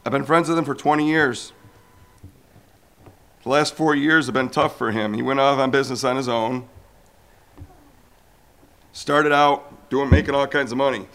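A man in his forties with a smooth voice shares a personal faith testimony as a storytelling talk. He is animated, acting out the voices of the people he quotes with big jumps in pitch.

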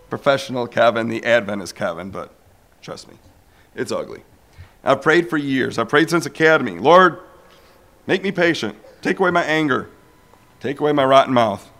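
Animated preacher with a lively voice. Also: male voice, medium pitch. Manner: animated, acts out dialogues. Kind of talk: storytelling sermon.

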